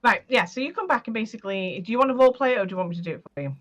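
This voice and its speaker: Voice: mid-range voice, animated, very fast, fairly bright tone. A speaker with a British accent running a tabletop game as game master, talking in a rambling way with lots of fillers.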